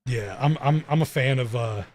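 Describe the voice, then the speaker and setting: A man's voice: medium pitch, normal speed, a little mellow, a little hiss or hum. A young American man hosting a stream, chatting casually and making crude jokes. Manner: joking, crude and laughing often. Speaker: streamer host. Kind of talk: casual chat.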